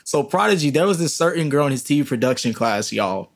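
A young man tells a story in relaxed podcast chat. He laughs easily and acts out other people's lines as he goes. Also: on the high side, fast, gravelly. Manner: animated storyteller, laughs often, acts out quotes.

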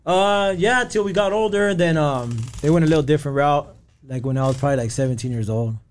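A man's voice: fairly high pitch, brisk. A man in his thirties with a Southern California accent, a guest telling stories in an easygoing way, laughing often. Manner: easygoing, laughs while telling stories, says "you know what I mean". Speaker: podcast guest. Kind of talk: casual storytelling.

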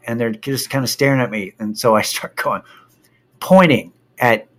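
A man casually telling a personal anecdote, animated and profane as he gets worked up. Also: medium pitch, normal speed.

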